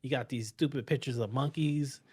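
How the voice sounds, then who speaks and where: A young man hosting a casual podcast chat, animated and swearing freely, often stumbling and restarting his words. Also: medium pitch, moderate pace, slightly rough. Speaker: podcast host.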